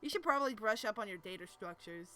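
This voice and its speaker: A woman voicing a cool, deadpan teenage boy from Texas, trying for a drawled southern accent. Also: mid-range voice, quick pace, natural voice. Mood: deadpan teasing. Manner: weak put-on southern drawl.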